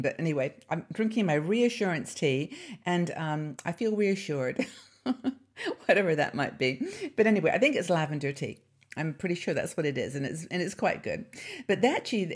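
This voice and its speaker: Chatty British woman in her sixties. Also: sits low. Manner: chatty, laughs often, rambling with many fillers. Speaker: channel host. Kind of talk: casual chatty vlog.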